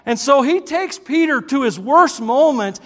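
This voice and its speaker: A man with a Southern US accent preaching a sermon, telling stories in an animated, joking way and breaking into shouts. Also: very high-pitched, measured pace. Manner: animated, joking storyteller who bursts into shouts. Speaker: pastor. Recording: long hall reverb.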